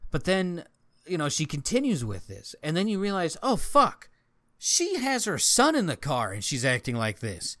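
A man chatting casually and swearing freely as he tells a story with animated energy. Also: a little high, moderate pace, no room sound, clean studio sound. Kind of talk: casual chat.

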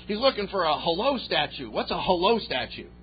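A man's voice: high voice, big pitch swings, a little fast, a little hiss or hum. A man voicing a nervous contractor who stammers anxiously, on a slightly dull recording. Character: nervous contractor eager to impress a mob boss.

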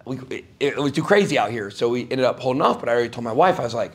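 A gravelly-voiced man talks as a guest before a live audience. His pitch swings widely, jumping high when he gets worked up, as he tells a long, emphatic, rambling story. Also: animated, very fast. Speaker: interview guest.

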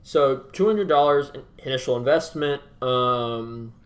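A man's voice: medium pitch, measured pace. A man hosting a casual chat about starting a business, swearing often and acting out what he said. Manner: casual, swears a lot, quotes himself. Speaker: host and business co-founder.

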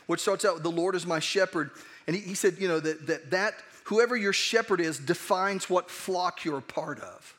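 A pastor gives his sermon in a high, light voice. He talks in a conversational, earnest way, stumbling and restarting as he goes. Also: moderate pace, a bit bright. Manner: conversational, earnest, with frequent restarts and acted asides.

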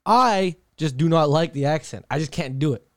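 A young man co-hosting a podcast, talking fast, blunt and joking. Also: a little high, animated, fairly bright tone. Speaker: podcast co-host. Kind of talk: casual chat.

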